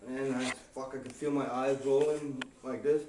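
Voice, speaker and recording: Speaking at a normal speed in a level, mellow mid-range voice, a man recounts a personal story casually and profanely, with "man" in nearly every sentence. He sits far from the mic in an echoey room, and faint hiss runs underneath.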